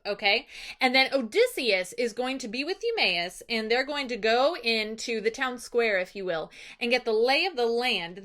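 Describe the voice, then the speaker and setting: Animated woman teacher, chatty classroom delivery. Bright, forward tone. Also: fairly high pitch. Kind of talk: casual lesson recap.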